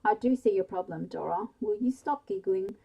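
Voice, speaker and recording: A woman's voice: medium pitch, normal speed, creaky, mellow, breathy edge, dull audio. A woman voicing a coaxing, motherly middle-aged mother in a whispered bedtime story. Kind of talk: whispered role-play.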